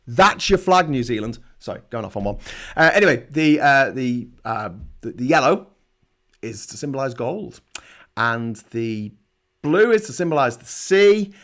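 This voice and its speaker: A man's voice: mid-range voice, lively intonation, unhurried, a bit bright. A man hosts a live travel show, chatting casually and sarcastically, rambling with lots of restarts. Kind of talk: casual livestream chat.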